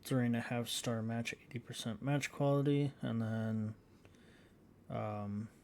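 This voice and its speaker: A man hosting a gaming channel, talking slowly in a flat, even tone as he works through results with plenty of ums. Faint room noise sits behind his voice. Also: medium pitch. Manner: halting, reads out scores with many fillers. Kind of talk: casual gameplay commentary.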